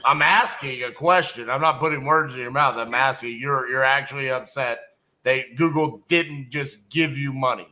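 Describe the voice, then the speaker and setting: A man from Texas on a sales call, calmly pressing the caller with logical questions. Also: medium pitch, moderate pace, low-quality recording. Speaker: real estate wholesaler, host.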